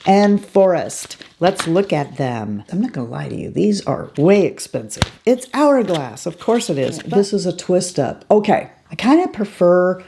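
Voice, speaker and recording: A woman's voice: fairly low pitch, sing-song, a little slow, creaky, hardly any pauses, dark tone, a little hiss or hum. A woman over fifty chatting casually to her viewers as she does her makeup in a beauty tutorial. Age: 50s or older. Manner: chatty, talks straight to viewers while applying makeup. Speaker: beauty vlogger.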